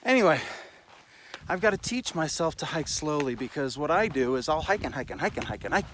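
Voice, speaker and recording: Tired guy vlogging on a hike, kinda high voice, rambles and swears a bit, handheld cam outside w/ faint noise. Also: very animated, fairly quick, a bit bright. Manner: rambling, self-deprecating, swears casually. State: tired and out of breath. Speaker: hiking vlogger. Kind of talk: casual walking vlog. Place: outdoors on a desert mountain trail. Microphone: handheld camera while walking.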